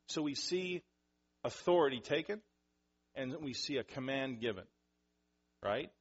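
A man preaching a sermon, animated, acting out scenes with sudden loud outbursts. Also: mid-range voice, a little slow, pauses often, lo-fi sound. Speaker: pastor.

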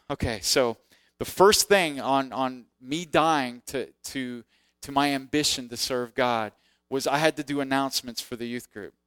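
Animated man telling a church story. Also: mid-range voice, measured pace, clean tone, no echo, studio quality. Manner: animated, acts out quoted voices; self-deprecating, candid. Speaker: preacher sharing testimony. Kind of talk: sermon storytelling.

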